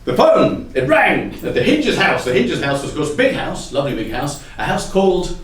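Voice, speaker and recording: English male improviser, high lively voice, heard from afar in an echoey hall. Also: normal speed, distant mic. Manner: animated, laughing often, repeating audience suggestions. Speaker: improv storyteller. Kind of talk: improvised comic narration. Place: theatre stage with live audience.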